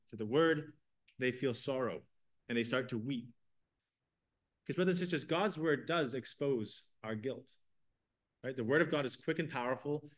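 A man's voice: medium pitch, fairly bright tone. A man teaching an evening Bible class, reading scripture and explaining it earnestly, asking his class questions.

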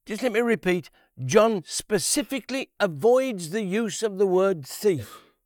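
A man giving a conversational Bible teaching, unhurried, repeating key phrases and asking rhetorical questions. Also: high voice, expressive, dry recording, clean studio sound.

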